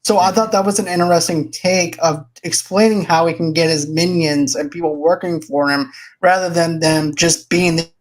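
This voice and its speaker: A co-host on a casual podcast chat, explaining a point in a measured way. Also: mid-range voice, steady tone.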